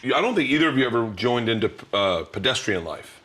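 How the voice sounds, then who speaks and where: A man's voice: medium pitch, very animated, quick pace, fairly bright tone, slight background noise. A man hosting a cooking show, chatting loosely and rambling through stories with his guests. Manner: rambling, loose storytelling with restarts. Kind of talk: casual banter while cooking.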